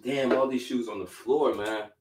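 A man's voice: mid-range voice, steady tone, normal speed, a little hiss or hum. Winded man chatting through a sneaker stream. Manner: loose and chatty, drifts between sing-song muttering and explaining. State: winded, out of breath. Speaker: sneaker collector streaming live. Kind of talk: casual live-stream chat. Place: home room full of shoes.

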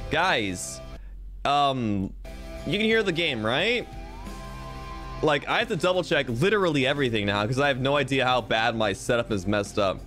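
A man's voice: mid-range voice, sing-song, moderate pace, a bit bright, faint music behind. A young man chatting casually to his viewers while streaming a game, goofy and rambling. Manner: goofy, rambling, talks to chat.

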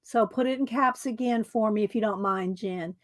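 A woman hosting a casual craft livestream, chatting to viewers by name with frequent ums and throat clearing. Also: on the high side, moderate pace.

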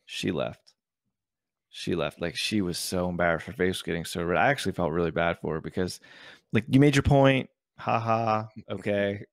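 Gravelly low-voiced man. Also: normal speed, dry recording, clean studio sound. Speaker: podcast co-host. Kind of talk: casual chat.

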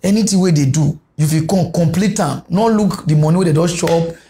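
A man with a strong Nigerian Pidgin English accent pleads with politicians, hammering his points with repeated words. His voice sits high yet sounds soft and mellow, with no edge to it. He talks like an earnest commentator making a heartfelt appeal. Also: fairly quick, a little hiss or hum.

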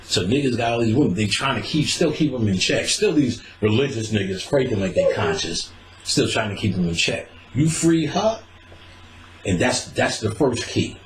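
Male host, lively swooping delivery, laughs a lot, acts out quotes, echoey room. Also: medium pitch, normal speed, slight background noise. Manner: animated, laughs often, acts out quoted lines. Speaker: podcast host. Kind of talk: casual profane storytelling chat.

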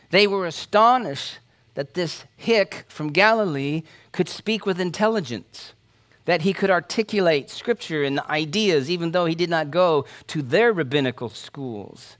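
A man's voice: on the high side, measured pace, a bit bright. A man preaching an expository sermon as pastor, speaking in a conversational, emphatic way and often checking in with his listeners.

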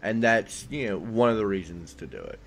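A man's voice: lowish voice, very animated, brisk, vocal fry. A man co-hosting a podcast in casual, jokey chat, often acting out quoted voices. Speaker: podcast co-host.

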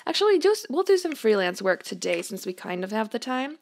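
A woman's voice: on the high side, big pitch swings, brisk, few pauses, a little hiss or hum. A woman chatting casually as she plays a life-sim game at home, laughing often and talking to the characters on screen. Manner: chatty, giggly, talks to her game characters. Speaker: gameplay streamer. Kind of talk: casual let's-play commentary. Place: home room.

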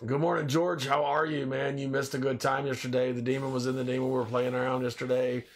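A man's voice: mid-range voice, little pitch movement, quick pace. Stuffy-nosed man chatting on a live stream. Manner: loose, joking, rambling, reads out viewer comments. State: stuffy nose. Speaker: live-stream host in demon costume. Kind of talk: casual live-stream chat with viewers.

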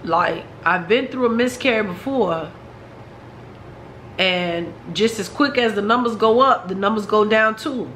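A woman's voice: mid-range voice, unhurried, a bit bright, a little hiss or hum, poor audio. A woman vlogger telling a personal story in a frank, chatty way, talking straight to her viewers.

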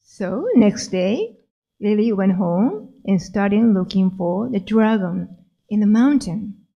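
A woman minister telling a story slowly and gently in a sermon. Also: medium pitch, expressive, vocal fry, lo-fi sound.

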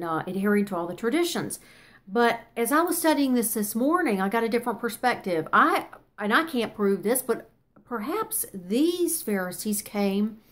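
Woman teaching bible study, earnest and chatty, reads verses then explains, mid pitch. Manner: earnest, conversational, reads scripture aloud and explains it.

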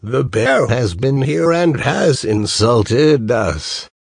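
A man's voice: mid-range voice, very animated, slow, vocal fry, breathy edge, no room sound, clean studio sound, exaggerated voice. A man voicing offended young wren chicks in a storybook reading. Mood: indignant.

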